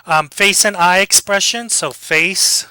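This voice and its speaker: Bright, crisp male lecturer. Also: high voice, no echo, low-quality recording. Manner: casual and joking, checks in with frequent "okay?"; acts out quick examples mid-lecture. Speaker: college lecturer. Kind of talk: classroom lecture.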